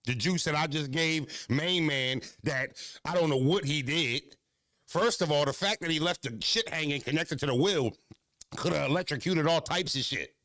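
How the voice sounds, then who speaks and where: A somewhat high-pitched male stream host talks to his chat in a loose, storytelling way, cursing freely and jumping between excited highs and low, mocking lows. The sound is dry and close, with almost no room around his voice. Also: moderate pace, no echo. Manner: animated, profane, big swings between high excited and low mocking tones. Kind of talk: casual storytelling to a live chat.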